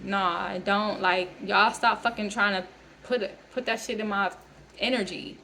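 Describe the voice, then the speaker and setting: A woman in her thirties vents in a casual vlog rant, blunt and heavy on profanity. Her voice sits at a middle pitch. Faint background noise runs under it. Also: fairly even intonation, moderate pace, bright, forceful tone. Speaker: vlogger.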